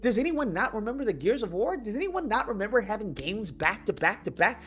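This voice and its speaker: Over slight background noise, a livestream host rants about video games in a high, fairly bright voice that swings widely in pitch and moves fairly fast. The unscripted rant is profane, heated, and repetitive, and he reads chat comments as he goes.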